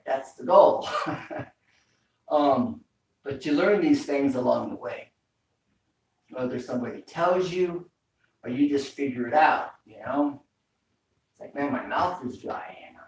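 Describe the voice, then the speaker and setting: A man with a fairly high voice coaches breathing through a home workout, repeating his cues as a fitness instructor. The mic sits far off in an echoey room, with slight background noise.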